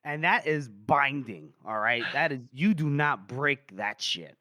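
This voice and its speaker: A man co-hosting a podcast who retells a story in a casual, animated way and laughs often. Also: mid-range voice, unhurried, no room sound, clean studio sound. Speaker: podcast co-host. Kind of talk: casual book discussion.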